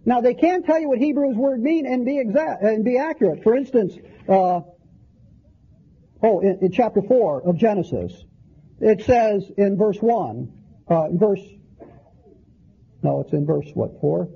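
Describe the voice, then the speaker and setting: A man's voice: high-pitched, animated, measured pace, gravelly, long pauses, husky, muffled recording. A man preaching a conversational Bible-teaching sermon, often restarting phrases as he works through verses.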